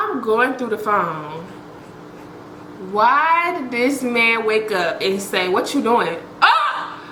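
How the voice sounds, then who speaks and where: A woman's voice: on the high side, sharp tone, roomy sound, slight background noise, rough recording. A young woman vlogger telling a dramatic personal story straight to her viewers, blunt and profane.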